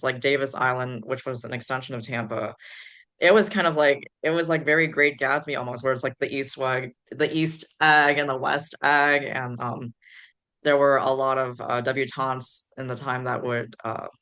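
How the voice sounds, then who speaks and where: Rambling woman guest with a bright voice. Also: extremely low pitch, fairly even intonation, normal speed. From Chicago area. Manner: rambling, digressive, many fillers. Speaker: podcast guest. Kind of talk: casual podcast chat.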